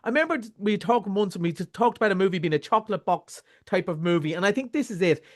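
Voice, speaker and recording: A man's voice: high-pitched, lively intonation, fast. An Irish man chatting casually as a film reviewer, rambling with many restarts. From Ireland. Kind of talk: casual chat.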